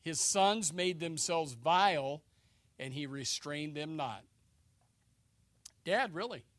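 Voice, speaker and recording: A high-voiced male preacher with a bright, forceful tone, leaping between murmured asides and shouted calls. He slows right down to stretch out key phrases. The sound is dry and close. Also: lively intonation, no echo. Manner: swings from low quiet asides to loud shouted exhortation. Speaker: pastor. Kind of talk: sermon.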